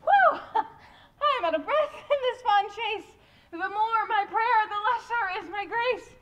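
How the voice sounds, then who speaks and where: A woman's voice: very high voice, slow, fairly bright tone, muffled recording, full character voice. A woman playing a lovelorn, desperate young woman in a live stage Shakespeare performance, laughing breathlessly through her hurt.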